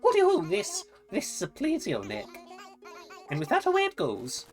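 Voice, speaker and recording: A woman's voice: medium pitch, huge pitch swings, moderate pace, a little mellow, soft background music. A woman voicing a fussy, erudite male owl who runs a museum, with a prim, wordy and polite manner and a hooting catchphrase. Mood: pompous.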